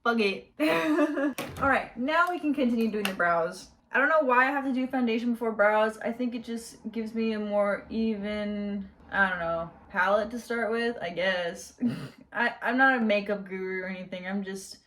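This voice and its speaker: A young woman chatting casually in her bedroom while she does her makeup, high-energy and slangy. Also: normal speed, fairly bright tone, slight background noise. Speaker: beauty vlogger. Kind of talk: casual get-ready-with-me chat.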